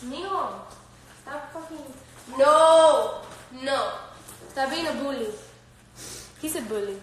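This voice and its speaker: Brash high-voiced woman in an echoey room. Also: lively intonation, a little slow. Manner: brash, profane and laughing. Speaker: live-stream host. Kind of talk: casual live-stream chat. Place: home with her dogs. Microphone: phone.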